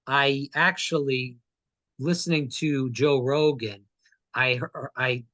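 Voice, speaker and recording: Halting male podcast guest. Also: mid-range voice, fairly even intonation, pushed and bright, dry recording. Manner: halting, many fillers and restarts. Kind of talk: casual interview talk.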